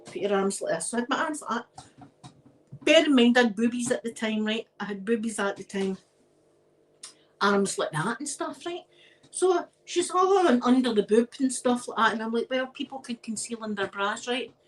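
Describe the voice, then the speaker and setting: A Scottish woman, host of her own channel, telling personal stories in a chatty, animated way and laughing often. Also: on the high side, normal speed, poor audio. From Scotland. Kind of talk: casual storytelling chat.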